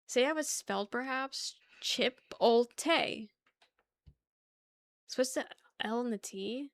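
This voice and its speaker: A woman's voice: a little high, normal speed, dry recording. A young woman livestreaming casual chat with her viewers, rambling, laughing easily and swearing offhandedly. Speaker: livestream host.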